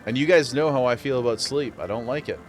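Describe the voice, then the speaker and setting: A man's voice: medium pitch, fast talker, faint music behind. A man streaming a game, chatting casually with viewers and laughing often. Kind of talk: casual live-stream chat while gaming.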